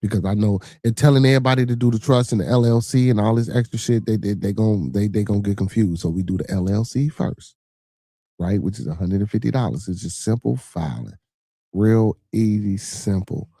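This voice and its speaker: A man's voice: on the low side, a little fast, mellow, no echo, clean studio sound. A man with a Chicago accent hosting a podcast, giving blunt, profane money advice in casual chat and often restarting his words. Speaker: podcast host.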